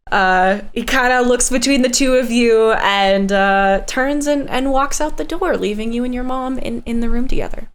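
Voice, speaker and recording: Woman game master, descriptive narration, measured delivery, fairly high voice.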